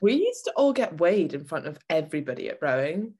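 A British woman co-hosting a podcast and working through listener comments. Her voice is slightly low and her delivery is easygoing. She hesitates with fillers and pokes fun at herself. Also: very animated, a little fast, darkish tone, breathy edge. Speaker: podcast co-host reading live comments. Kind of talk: casual podcast chat.

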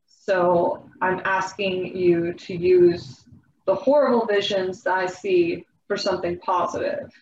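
A woman's voice: fairly low pitch, fairly even intonation, slow pace, a little mellow, a little hiss or hum. A woman voicing a devout young woman cleric who prays in a hesitant, earnest whisper. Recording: echoey dull room sound.

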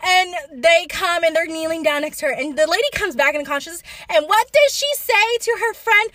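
A woman's voice: very high-pitched, animated, brisk, few pauses, background noise. A young woman telling a story in casual chat, acting out quotes with many fillers.

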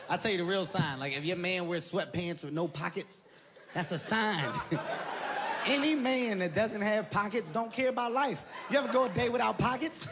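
A man performing a stand-up comedy routine, loud and animated, swearing often and shouting his punchlines. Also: sits high, normal speed. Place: large venue with a live audience. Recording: live show with crowd laughter and noise.

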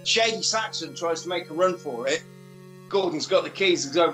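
A man with a high, bright voice recaps a film in a casual, comic way. He talks animatedly and swears freely. He keeps slipping into silly voices for the characters, over a bed of faint music. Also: moderate pace, low-quality recording. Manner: animated, sweary, acts out lines in funny voices. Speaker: podcast host recapping a film.

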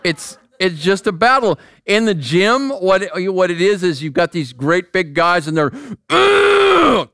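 A man's voice: high voice, normal speed, hardly any pauses, smooth, no room sound. A man preaching a casual, conversational sermon, asking rhetorical questions and acting out voices. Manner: animated, acts out voices, asks rhetorical questions. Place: outdoor square.

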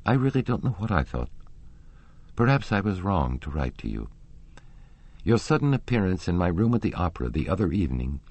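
A man's voice: low-pitched, sing-song, brisk, pauses often, a little mellow, no room sound. A man voicing a frail, secretive young woman singer in an audiobook reading, with cold, guarded replies. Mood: wistful.

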